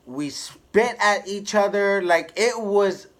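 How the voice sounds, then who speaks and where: A man candidly telling a personal story to camera in an expressive, drawn-out way. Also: sits high. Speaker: hairstylist vlogger.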